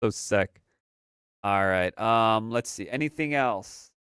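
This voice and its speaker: A man's voice: fairly low pitch, slow, fairly bright tone, smooth, dry recording, clean studio sound. A young man hosting a live stream, chatting casually about games and movies, rambling and repeating himself in slangy talk. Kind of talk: casual pop-culture commentary.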